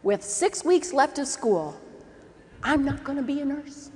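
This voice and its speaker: Brief: high, lively woman speaker, comic storytelling, echoey hall, faint noise. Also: unhurried. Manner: animated, acts out characters, laughs through lines. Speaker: keynote speaker. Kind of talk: humorous storytelling speech.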